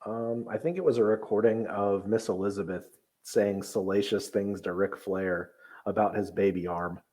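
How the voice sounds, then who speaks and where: A man's voice: on the low side, steady tone, moderate pace, mellow. A man co-hosting a casual wrestling podcast, making playful, jokey asides. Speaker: podcast co-host. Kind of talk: casual chat watching wrestling.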